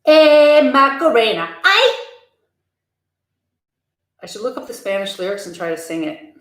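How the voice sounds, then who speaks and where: A woman's voice: lowish voice, fairly bright tone. A woman live streaming casually, talking candidly and answering viewer comments from a room at home. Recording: roomy echo.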